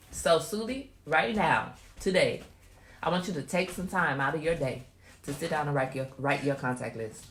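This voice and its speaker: A woman's voice: sits low, expressive, brisk. A woman hosting a casual livestream, chatty and emphatic, giving motherly advice to viewers. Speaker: host. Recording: roomy echo.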